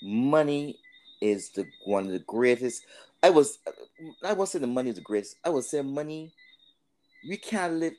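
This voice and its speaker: A man co-hosts a casual podcast. He speaks haltingly and circles back over his words as he muses aloud. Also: mid-range voice, animated, warm tone. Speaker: podcast co-host. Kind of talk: casual chat.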